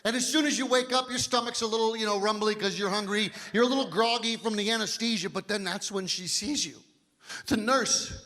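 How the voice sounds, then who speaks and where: High-voiced, animated man doing stand-up. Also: brisk. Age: 50s. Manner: big animated storytelling, drops to quiet voices for quoted doctor. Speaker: stand-up comedian. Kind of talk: stand-up comedy set. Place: comedy stage. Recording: live hall with audience laughter.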